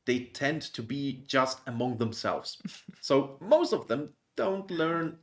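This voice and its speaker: Guest, German man, German accent, average pitch, thoughtful and hesitant, casual live chat. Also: animated. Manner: thoughtful, measured, hesitant phrasing.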